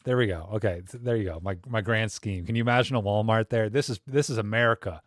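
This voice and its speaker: A man's voice: lowish voice, quick pace, dry recording, studio quality. A man hosting a live stream, critiquing viewer photos in joking, rambling chat full of fillers. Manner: joking, rambling, thinks aloud with many fillers.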